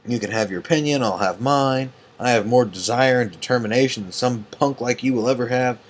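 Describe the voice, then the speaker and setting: A man's voice: mid-range voice, a little fast. A tired man ranting late at night as an online group admin, angry and profane, rambling with many fillers. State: tired and yawning.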